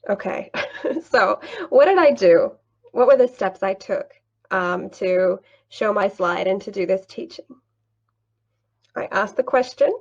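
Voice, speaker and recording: A young woman, an English teacher and teacher trainer, guides viewers through a screen-share tutorial on online teaching, clear and patient as she poses questions and answers them herself. Her mid-range voice has lively intonation and a slightly slow pace. The audio is dull.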